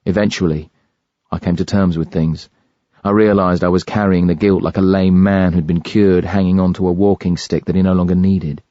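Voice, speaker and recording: A man with a very deep voice narrates a first-person thriller in a measured, grave tone. The sound is dry and close. The top end is a little dull. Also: flat delivery, dark tone, no room sound. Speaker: audiobook narrator. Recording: dry, slightly dull studio recording.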